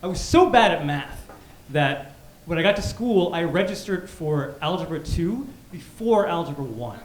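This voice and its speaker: A man in his thirties doing a stand-up comedy set on a club stage, with a punchy, animated delivery. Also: on the high side, moderate pace. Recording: echoey club room with background noise. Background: audience laughter and club ambience.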